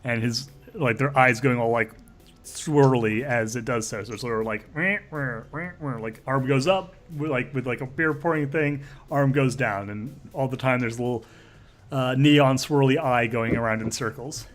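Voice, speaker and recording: A man's voice: mid-range voice, moderate pace, faint music behind. A man narrating a tabletop role-play as game master, rambling with lots of fillers and restarts.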